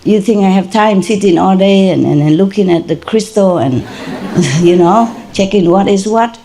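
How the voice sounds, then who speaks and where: An older woman, a native Vietnamese speaker with a Vietnamese accent, shares a personal story during an informal spiritual talk, laughing often. A spiritual teacher, she speaks at normal speed in a medium-pitched voice with a dark tone.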